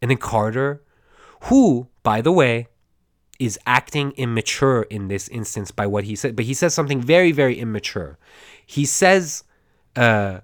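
A podcast host with an expressive, mid-range voice and a slightly scratchy throat recaps a movie at a moderate pace, rambling and digressing, stammering and acting out the characters' lines. The recording is studio quality, with no room sound.

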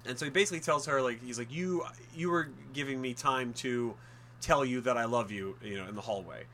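A man chatting on a podcast, recapping a film scene by scene and slipping into quick put-on voices for each character. His voice is bright and forward, with faint background noise under it. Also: mid-range voice. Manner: animated retelling with acted-out quotes, frequent swearing. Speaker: podcast co-host. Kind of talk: casual chat recapping a movie.

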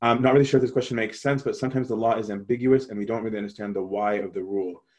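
Man, Bible study teacher, animated, conversational, answering questions. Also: fairly low pitch, rapid-fire. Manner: animated, keeps checking in with "right?".

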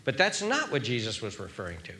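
An older man preaching a sermon, emphatic, pushing his voice up high on questions and then dropping it low. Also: wildly swooping pitch, fast, sharp tone. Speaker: pastor.

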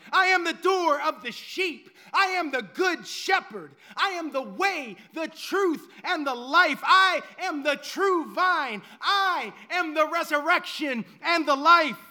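A preacher voicing Jesus, booming and majestic. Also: male voice, pushed and bright, heavily acted. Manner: booming, declaiming proclamations. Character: Jesus, risen divine lord, majestic and commanding.

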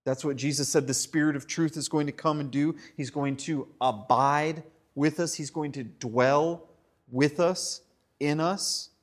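A man preaching a sermon in an animated, conversational way, with fillers and asides. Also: a little high, unhurried. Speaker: pastor.

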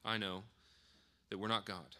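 Bright-voiced man preaching conversationally. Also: fairly low pitch, little pitch movement, a little slow. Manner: conversational, with frequent fillers and self-corrections. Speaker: pastor. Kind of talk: sermon.

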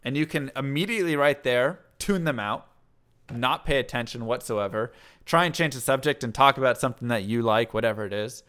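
A man talking in a casual conversation, energetic, often checking in with "right?" and acting out little quoted lines. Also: medium pitch, fairly quick.

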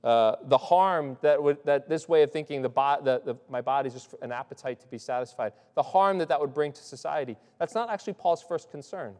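A man's voice: on the high side, a little fast, few pauses, a little mellow. A male pastor giving a conversational sermon, restarting his sentences and checking in with his listeners. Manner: loose, restarts often, asks "right?". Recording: long hall reverb.

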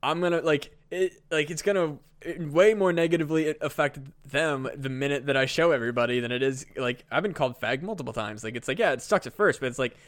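A man's voice: fairly high pitch, a little fast, hardly any pauses. A man co-hosting a comedy podcast, talking in a laid-back, sweary way. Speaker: podcast co-host. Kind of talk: casual chat.

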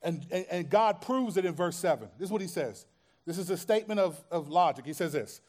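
Animated high-voiced male pastor. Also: brisk. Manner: conversational, acts out everyday scenes and quoted voices. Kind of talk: sermon.

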